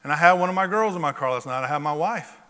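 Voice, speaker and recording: A male pastor telling a story from the pulpit in an animated, repetitive storytelling manner. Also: on the high side, rapid-fire, clean tone. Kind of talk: sermon storytelling. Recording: long hall reverb.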